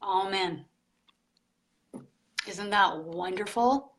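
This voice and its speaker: A woman hosting a live online group, relaying channeled messages slowly and softly. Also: medium pitch. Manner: slow, soft, relaying spirit messages. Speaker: psychic medium, group host.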